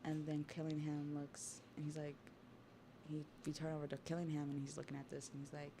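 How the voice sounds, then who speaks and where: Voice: mid-range voice, monotone, brisk, gravelly, mellow, a little hiss or hum. A streamer casually recapping a comic on a livestream, with laid-back slang, laughter and swearing.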